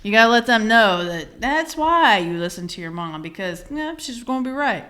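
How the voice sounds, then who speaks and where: A woman's voice: a little high, very animated, moderate pace, sharp tone. A woman in her thirties co-hosting a podcast, telling a story in casual chat, laughing easily and swearing casually. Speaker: podcast co-host.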